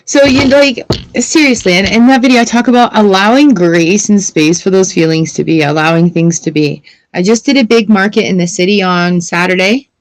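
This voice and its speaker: A woman's voice: mid-range voice, moderate pace, no room sound. A woman tarot reader chatting casually on a livestream, rambling and laughing often as she pulls cards. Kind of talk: casual livestream chat while reading cards.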